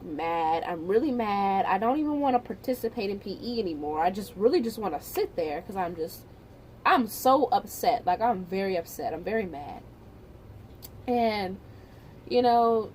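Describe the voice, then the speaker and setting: A woman vlogger casually telling a personal story, animated and chatty, often repeating herself. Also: mid-range voice, slight background noise.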